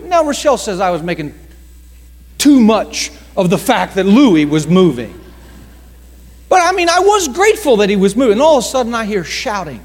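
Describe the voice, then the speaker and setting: A male pastor telling a story in a sermon, dramatic, slowing down for emphasis and acting out the voices of others. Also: high-pitched, big pitch swings, long reverb tail. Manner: dramatic storytelling with slowed emphasis and acted quotes.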